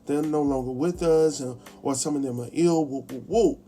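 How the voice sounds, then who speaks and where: A man's voice: fairly high pitch, a little hiss or hum. A man hosting a casual TV episode recap, chatty and colloquial, acting out the characters' lines as he goes. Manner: animated, acts out characters' lines in quick impressions; chatty, colloquial, laughs at his own asides. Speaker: recap show host.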